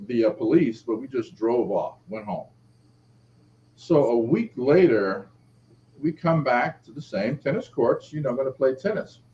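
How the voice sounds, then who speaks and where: Middle-aged man, interview guest, animated storyteller, mid-pitched voice, dull lo-fi recording, faint background hiss. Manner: lively, acts out quoted speech with shifting pitch.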